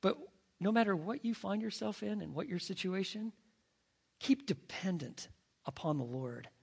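A male pastor preaching a sermon and telling a story, swinging between hushed and loud delivery. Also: sits high, lively intonation, normal speed, vocal fry, husky.

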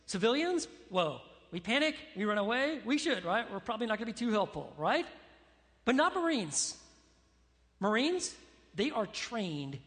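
A man pastor preaching a sermon with animated, emphatic delivery, acting out the words of the people in his story. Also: high-pitched, normal speed, long reverb tail.

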